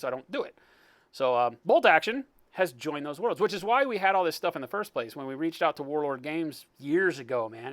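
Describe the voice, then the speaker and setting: Higher-voiced man joking through a live stream. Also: a bit bright. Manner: joking, rambling, greets chat by name. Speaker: livestream host, miniature painter. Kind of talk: casual live-stream chat.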